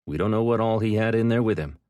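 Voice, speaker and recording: A man voicing a gruff army team leader barking brisk orders. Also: on the low side, mellow, no echo, clean studio sound, pitched above the performer's own voice, lightly acted. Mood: commanding.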